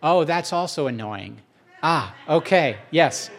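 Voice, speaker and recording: Man, pastor, sermon, jokey, self-deprecating, chatty, fairly high voice. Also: lively intonation, moderate pace. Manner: humorous, self-deprecating, conversational.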